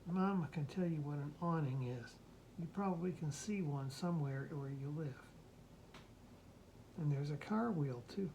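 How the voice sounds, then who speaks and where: A woman's voice: low voice, moderate pace, noisy background. A woman reading a children's picture book aloud to a child, mimicking the sounds and asking the listener questions.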